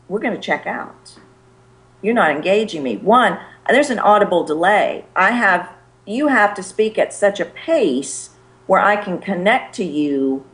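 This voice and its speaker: A middle-aged woman, a presentation skills coach, giving animated and emphatic advice as a guest on a show. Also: mid-range voice, a little slow. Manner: animated, emphatic, demonstrates pace with her voice.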